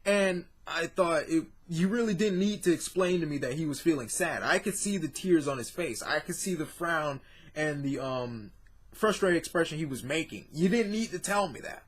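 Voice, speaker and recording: A man's voice: a little high, animated, normal speed. A man giving a casual spoken review of a manga, blunt, with frequent fillers and restarts, swearing when he gets worked up.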